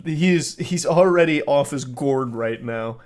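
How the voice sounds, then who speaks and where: A man riffs on a stranger's text messages in dry, sarcastic commentary, swearing freely as he goes. His voice sits at an ordinary middle pitch, and his tone is deadpan and amused. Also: a little slow. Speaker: commentary host.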